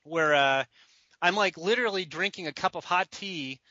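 Lively, bright-voiced podcast man. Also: sits high, moderate pace, dry recording. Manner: animated, laughing, acts out quotes. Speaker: podcast co-host, draft writer. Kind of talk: casual storytelling chat. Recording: dull lo-fi dry podcast audio.

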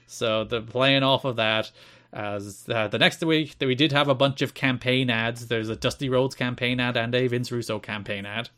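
Brief: male podcast co-host, mid-pitch, dry and chatty recap. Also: fairly even intonation, normal speed, pushed and bright. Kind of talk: casual chat.

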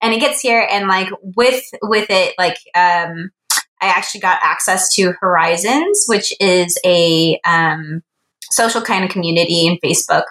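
Podcast guest, woman, bright and animated, recorded in an echoey room. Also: moderate pace. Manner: animated storyteller, acts out quotes in a high voice. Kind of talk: casual podcast chat.

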